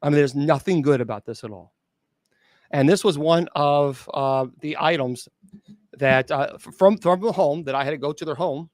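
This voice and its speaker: A man, a bishop and exorcist, telling a spooky true story at an open mic, halting with restarts and incredulous asides. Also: fairly high pitch, no room sound, studio quality. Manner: halting, with many restarts and fillers.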